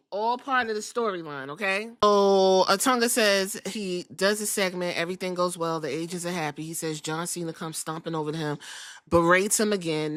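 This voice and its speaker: A woman's voice: lowish voice, fairly bright tone, dry recording. Blunt, profane woman podcast host. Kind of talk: casual commentary on a clip.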